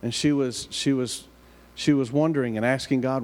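A man's voice: medium pitch, steady tone, normal speed, darkish tone. Man preaching in a reverberant hall. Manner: earnest, repeats and restarts phrases while telling a story. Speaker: pastor. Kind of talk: sermon storytelling. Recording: long reverb of a large hall.

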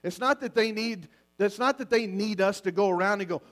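High-voiced pastor preaching with animated scenes. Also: male voice, a little fast, hardly any pauses. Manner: animated, acts out little scenes. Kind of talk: sermon on marriage. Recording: mains hum.

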